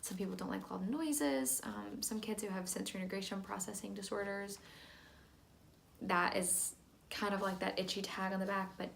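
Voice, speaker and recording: Young woman teacher, calm instructional talk, some vocal fry, faint noise underneath. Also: mid-range voice, normal speed. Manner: calm, plain, many "um" fillers. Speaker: teacher training church volunteers.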